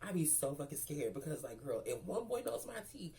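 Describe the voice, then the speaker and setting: Woman from Memphis, deep for a woman, animated swinging pitch, sassy, profane, chatty storyteller. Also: brisk, slight background noise. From Memphis, Tennessee. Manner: sassy, profane, chatty, talks to viewers as girl and baby. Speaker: storyteller vlogger. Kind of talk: casual storytime.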